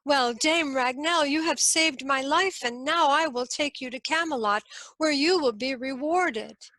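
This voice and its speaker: A woman's voice: high voice, unhurried, pushed and bright, dry recording, voice pushed up. A woman storyteller voicing an earnest, noble king who speaks in a raised, declaiming way. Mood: grateful.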